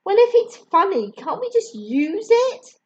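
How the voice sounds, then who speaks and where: A woman voicing a quiet, easygoing schoolboy, on a slightly dull recording. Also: very high voice, very animated, a little slow, voice pushed up, exaggerated voice. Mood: calm. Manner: quiet, casual. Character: laid-back schoolboy.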